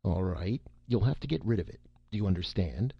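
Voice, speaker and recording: A man voicing a firm, patient businessman father who questions his son in measured tones. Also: low-pitched, expressive, creaky, husky, no room sound, dull audio, heavily acted. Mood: stern.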